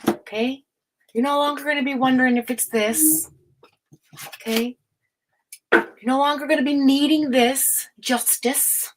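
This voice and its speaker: A woman giving a tarot reading in a forceful, profane, scolding pep-talk manner, with many fillers and restarts. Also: high-pitched, fairly even intonation, unhurried, long pauses, noisy background. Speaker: tarot reader. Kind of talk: casual spoken tarot reading to camera.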